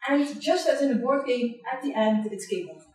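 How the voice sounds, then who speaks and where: A woman's voice: fairly high pitch, animated, fairly quick, darkish tone. Dutch woman lecturing in an echoey hall. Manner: personal and candid, with frequent "um" and "right?". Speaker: university lecturer. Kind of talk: public lecture. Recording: echoey hall, distant mic.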